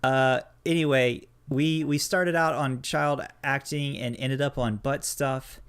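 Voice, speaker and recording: A man's voice: medium pitch, fairly even intonation, slow pace, fairly bright tone, smooth. A man hosting a casual podcast, thanking his guest and rambling through his thoughts. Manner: rambling, lots of fillers and restarts. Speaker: podcast host. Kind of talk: casual chat.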